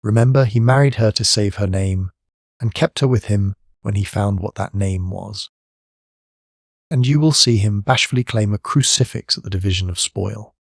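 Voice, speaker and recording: A man's voice: fairly low pitch, moderate pace, gravelly, dry recording, studio quality. A man voicing a wry young pirate lieutenant. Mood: amused.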